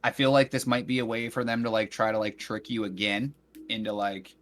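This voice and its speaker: Low-voiced man giving calm advice. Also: fairly quick. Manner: calm, advising, many "like" fillers. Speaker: guest. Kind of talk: casual livestream chat.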